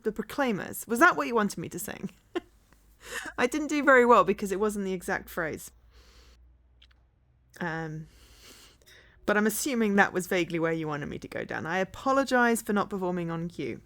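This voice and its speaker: A woman's voice: medium pitch, animated, normal speed, long pauses, a bit bright. A woman streaming from home, chatting casually with her viewers, rambling, laughing often and humming bits of songs.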